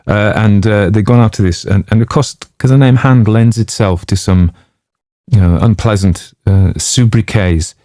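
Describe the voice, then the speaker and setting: A man's voice: lowish voice, moderate pace, dark tone, no room sound, studio quality. A man chatting casually before reading a story, rambling off on digressions, with lots of fillers and jokey asides. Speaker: audiobook narrator introducing a story.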